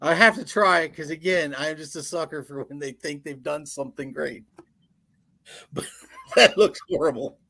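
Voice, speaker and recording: A man on a talk panel who answers with lively, laughing chatter. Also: on the high side, normal speed, gravelly. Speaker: panel guest. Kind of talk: comedic chat.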